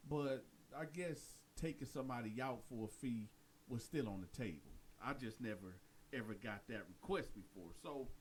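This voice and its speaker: A man casually telling a prison story in streetwise slang, animated and direct. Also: mid-range voice, slight background noise.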